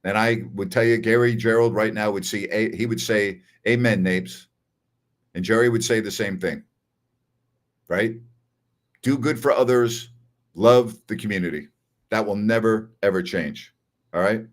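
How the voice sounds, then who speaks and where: A fairly low-pitched older man talks at a measured pace, leaving long pauses, as he hosts a sports talk show. The live-stream chat is casual, filled with stories and phrases he repeats for emphasis.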